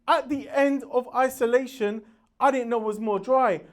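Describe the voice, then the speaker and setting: A man doing a stand-up comedy routine on stage, loud and brash, laughing at his own jokes. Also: very high-pitched, fairly even intonation, moderate pace.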